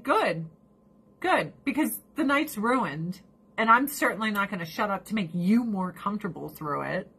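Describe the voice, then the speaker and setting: A woman's voice: mid-range voice, sing-song, a little slow, pauses often, sharp tone, breathy edge. A woman in her forties ranting casually, profane and exasperated, laughing often. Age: 40s. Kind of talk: casual rant.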